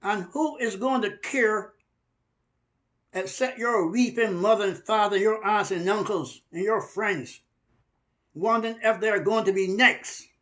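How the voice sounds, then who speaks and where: High-voiced man preaching fierily. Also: pushed and bright. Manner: emphatic, stretches key words slowly. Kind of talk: fiery preaching monologue.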